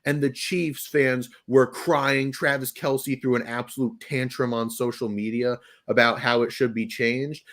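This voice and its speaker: A man's voice: medium pitch, a bit bright. A young man co-hosting a sports podcast, opinionated and sarcastic, laughing mid-sentence. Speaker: podcast co-host. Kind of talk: casual sports podcast chat.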